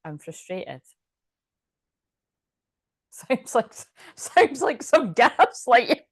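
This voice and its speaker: A woman's voice: high-pitched, lively intonation, very slow, breathy edge, dry recording, clean studio sound. A woman doing a casual, chatty tarot reading, often laughing as she reads card messages aloud. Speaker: tarot reader.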